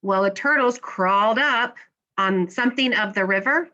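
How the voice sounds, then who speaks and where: A woman teacher walks her class through a slideshow lesson. She asks questions and then patiently answers them herself, in a bright, ringing voice. The recording sounds slightly muffled and dull. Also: medium pitch, moderate pace.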